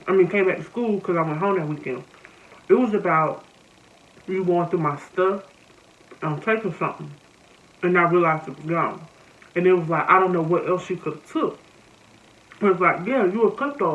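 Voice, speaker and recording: A young woman with a Southern American accent, vlogging a casual storytime and talking straight to her viewers. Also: on the low side. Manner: animated, addresses viewers as y'all. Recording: slightly muffled with faint noise.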